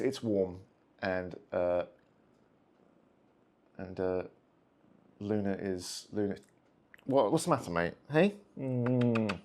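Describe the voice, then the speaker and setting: A man with a lowish, darkish voice hosts a solo tabletop wargame session. He gives casual play-through commentary, chatting and talking to his cats between dice rolls.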